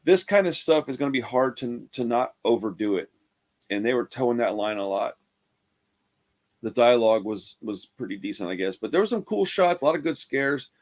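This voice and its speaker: A man's voice: mid-range voice, expressive, moderate pace. A man giving a casual, rambling horror movie review, laid-back and full of "man" and "dude".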